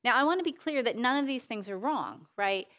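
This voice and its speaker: A woman giving a sermon-style Bible talk in an earnest way, repeating phrases for emphasis, asking rhetorical questions and letting her sentences trail off softly. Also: fairly high pitch, expressive. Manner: unhurried, with soft trailing phrase endings. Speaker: speaker at a women's Bible teaching session.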